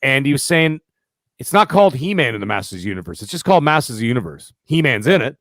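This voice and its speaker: A man co-hosting a casual gaming podcast, animated and profane, often checking in with "right?". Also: mid-range voice, fast talker, no room sound. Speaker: podcast co-host. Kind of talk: casual chat.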